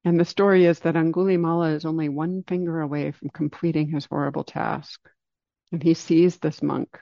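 A man giving a dharma talk, telling a story in a calm, unhurried way and slowing down for emphasis. It is a dull lo-fi recording. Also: a little high, creaky, no echo. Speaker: meditation teacher.

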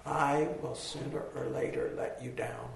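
A hoarse man giving a slow, reflective dharma talk to a group, pausing as he thinks. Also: medium pitch, steady tone. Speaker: meditation teacher. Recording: echoey hall from far off, faint noise.

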